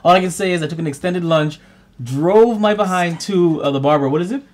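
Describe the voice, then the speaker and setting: A man co-hosting a podcast, telling stories in casual, playful chat. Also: sits high. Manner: playful, quick storytelling. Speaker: podcast co-host.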